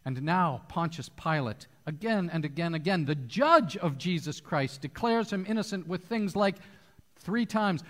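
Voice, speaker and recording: A man with a fairly high voice preaches in an animated storytelling manner. His words ring out with a long hall reverb, as if recorded in a church sanctuary. He is a pastor addressing his congregation. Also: measured pace. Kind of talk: sermon.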